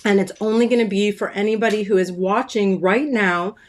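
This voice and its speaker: A woman chats casually from her home craft studio, hosting a weekly livestream. She greets viewers by name in a friendly, rambling way with plenty of ums, and keeps clearing a slightly choked-up throat. Her voice sits at an ordinary middle pitch. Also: steady tone, brisk. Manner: chatty, warm greetings by name, frequent ums.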